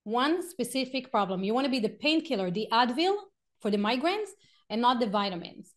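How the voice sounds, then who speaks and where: A middle-aged woman teaching a live workshop, animated, acting out quotes and stories and laughing often. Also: a little high, brisk. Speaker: workshop speaker.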